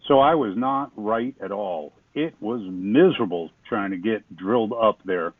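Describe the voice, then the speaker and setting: A man's voice: on the low side, unhurried, no room sound. Man walking through a DIY wiring job, folksy and self-mocking, on dry, tinny phone-like audio. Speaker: home remodeling host. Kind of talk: casual how-to narration.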